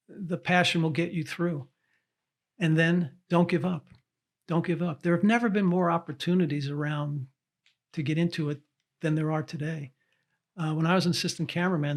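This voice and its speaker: An older man with a scratchy, dry voice that sits a little high for a man. He answers interview questions earnestly as a veteran cinematographer, repeating his key advice for weight. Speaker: cinematographer guest.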